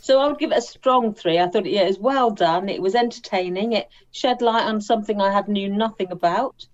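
Female podcast co-host at mid pitch. Thoughtful and measured, on a muffled lo-fi line. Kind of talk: casual film review chat. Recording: dull lo-fi audio.

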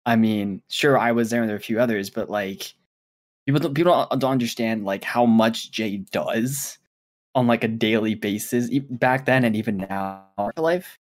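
A man's voice: fairly low pitch, normal speed. Rambling man in casual group chat. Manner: rambling, repeats words while thinking.

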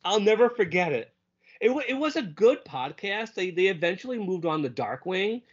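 Animated man chatting on a podcast. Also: high voice, moderate pace. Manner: animated, laughs often, quotes characters in funny voices. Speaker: podcast co-host. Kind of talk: casual chat. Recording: dull lo-fi audio.

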